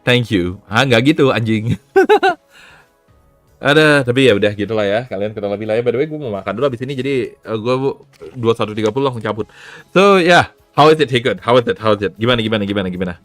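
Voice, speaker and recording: A man, a VTuber chatting casually on stream, animated, laughing often and swearing freely. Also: medium pitch, fast talker, dry recording, soft background music.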